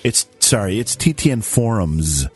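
Deep-voiced laid-back man. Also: sing-song, moderate pace. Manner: laid-back, short interjections. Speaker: podcast co-host. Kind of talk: casual comedic podcast banter.

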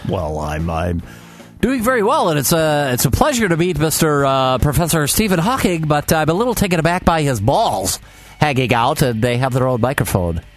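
A man hosting a comedy talk show, casual and halting, often restarting his sentences. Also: fairly high pitch, sing-song, faint music behind. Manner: hesitant, halting, lots of restarts.

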